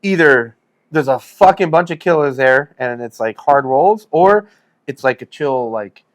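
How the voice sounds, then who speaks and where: A man's voice: mid-range voice, lively intonation, a little slow, dry recording. A man in his forties co-hosts a podcast in casual chat, laughing often and swearing freely. His voice sounds dry and close, with no room around it. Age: 40s. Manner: laughing, profane, self-mocking banter. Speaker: podcast co-host.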